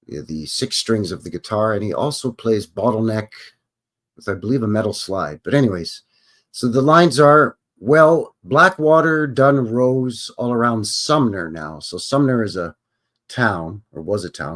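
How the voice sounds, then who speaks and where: A man's voice: on the low side, fairly bright tone. A man hosting a live stream, reading song lyrics aloud and explaining them in a chatty, casual way. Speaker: host.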